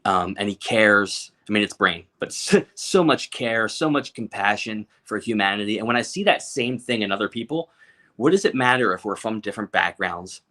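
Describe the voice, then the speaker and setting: A man's voice: lowish voice, expressive, normal speed, sharp tone. A man as a podcast guest, talking candidly in casual conversation, joking and restarting his sentences often.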